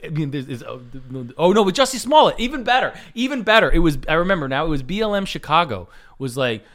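Bright-voiced man in casual chat. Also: fairly high pitch, sing-song. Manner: laughs often, halting restarts. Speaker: podcast host.

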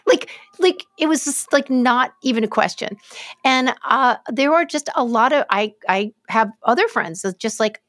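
A middle-aged woman co-hosting a podcast, chatting in an animated way with many restarts and asides. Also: a little high, moderate pace, dry recording, studio quality. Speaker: podcast co-host. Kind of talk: casual chat.

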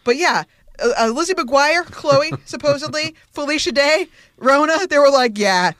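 A woman's voice: high-pitched, moderate pace, fairly bright tone, dry recording. A woman co-hosting a podcast in casual chat, chatty and laughing, acting out quotes from the show. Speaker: podcast co-host.

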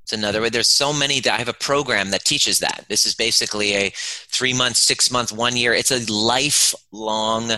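A man's voice: medium pitch, steady tone, normal speed, bright, forceful tone, no room sound, poor audio. A man speaking as a podcast guest, earnest and emphatic, telling stories and acting out the dialogue. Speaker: podcast guest, emotional healing teacher. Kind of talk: conversational interview, storytelling.

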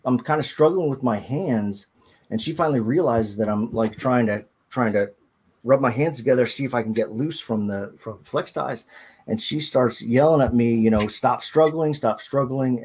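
A man, a podcast guest, recounting a personal ordeal in a halting, hesitant way, often restarting his sentences. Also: mid-range voice, darkish tone, slightly rough. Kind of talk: personal storytelling in an interview.

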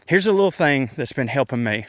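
A man in his thirties talks loosely and self-deprecatingly, chuckling as he goes. He is winded from walking through a park, and his voice sits at an ordinary pitch. The sound is close and dry, with no room around it. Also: lively intonation, brisk, no echo. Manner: rambling, self-deprecating, frequent laughs. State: out of breath from walking. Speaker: comedian podcast host. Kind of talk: casual rant.

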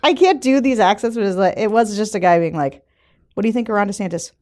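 A woman co-hosting a podcast in casual political chat, animated and laughing often. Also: medium pitch, quick pace. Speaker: podcast co-host.

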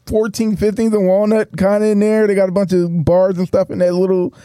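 A man's voice: high-pitched, brisk, smooth, dry recording. A man hosting a casual podcast, telling crude stories with lots of laughs. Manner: crude, laughing, animated storyteller. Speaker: podcast host. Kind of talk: casual sports podcast banter, storytelling.

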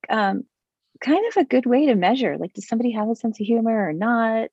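Middle-aged lady chatting on a video call, raspy and a bit croaky, kinda muffled lo-fi audio, dry sound. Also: fairly high pitch, animated, brisk, darkish tone, no echo. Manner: candid, joking, with frequent fillers and laughs. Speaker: interview guest. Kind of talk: casual conversation.

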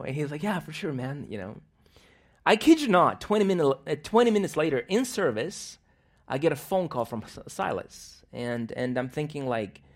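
A medium-pitched man delivers a church sermon, beginning with a prayer before moving into a personal story. He laughs frequently and alternates between loud outbursts and hushed asides.

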